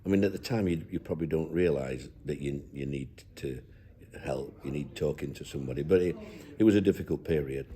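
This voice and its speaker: A man's voice: a bass voice, a little fast, mellow, slight background noise. An older man, a football manager, talking down-to-earth in an interview and reminiscing with frequent restarts. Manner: down-to-earth, rambling with many restarts. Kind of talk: reflective interview chat.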